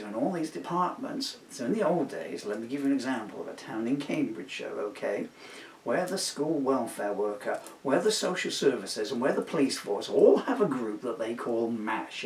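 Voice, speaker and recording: Indignant sixty-something man, gravelly and distant. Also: medium pitch, slight background noise. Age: 60s. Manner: rambling, indignant, with many asides and fillers. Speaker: singer-songwriter. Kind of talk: casual spoken talk between songs. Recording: roomy, distant home recording.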